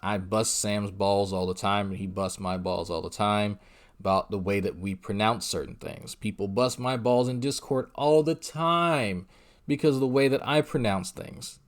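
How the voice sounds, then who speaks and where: A man talks through a livestream commentary. His voice sits a little low. He is casual and swears freely, laughing often. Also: moderate pace. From Louisiana.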